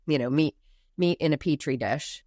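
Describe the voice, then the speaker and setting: A woman from the United States speaking as a podcast guest, animated and emphatic, with many rhetorical questions. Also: low voice, moderate pace, dry recording, studio quality. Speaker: farm movement founder, guest. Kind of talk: podcast interview.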